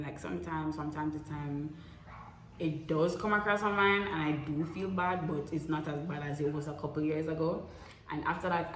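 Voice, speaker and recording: A young woman, candidly telling a personal story to camera and acting out past conversations. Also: sits low. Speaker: vlogger. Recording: echoey room with faint noise.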